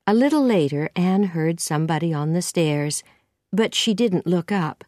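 A woman narrating a simple storybook in a clear, slow, careful way. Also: on the low side, animated, a little mellow, no echo, clean studio sound. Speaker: audiobook narrator. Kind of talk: scripted narration of a simple reader.

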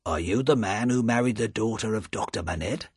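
A man's voice: sing-song, unhurried, creaky, breathy edge, no echo, studio quality, full character voice. Man doing a cautious wine-shop keeper. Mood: hushed. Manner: quiet, low-key warnings.

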